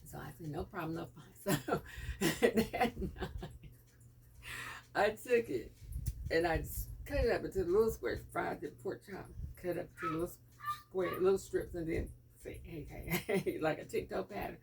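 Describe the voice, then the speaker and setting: A woman's voice: on the low side, moderate pace, gravelly, a little hiss or hum. Chatty woman vlogging over lunch at home. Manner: chatty storyteller, animated when quoting others. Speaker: lunchtime vlog host. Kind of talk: casual eating vlog chat. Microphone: camera mic.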